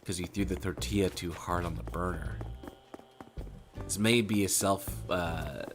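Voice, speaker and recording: A man's voice: sits low, fairly even intonation, a little slow, music in the background. A man chatting casually while playing a game, rambling with self-mocking jokes and asides. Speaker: gaming streamer.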